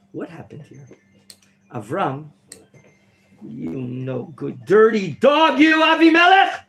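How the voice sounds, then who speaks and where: A man teaching an interactive Torah class in a classroom, quizzing his students and now and then bursting into theatrical excitement. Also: a little high, gravelly. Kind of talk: interactive Bible lesson. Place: classroom at a yeshiva.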